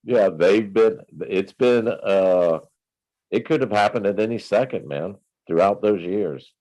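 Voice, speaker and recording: A man's voice: fairly low pitch, measured pace, dark tone, dry recording, rough recording. A man chatting casually, making wry, offhand remarks. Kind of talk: casual chat.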